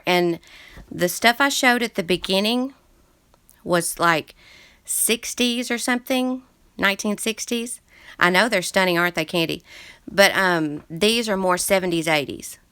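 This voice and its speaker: A woman with a bright, forceful voice hosts a relaxed craft livestream. She rambles cheerfully, loses her train of thought, and greets viewers by name as she reads their chats. Her voice sounds close and dry, with little room sound. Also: fairly low pitch, clean tone, no echo. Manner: chatty and scattered, reading viewer chats aloud. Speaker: crafting channel host. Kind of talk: casual livestream chat. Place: craft room full of books.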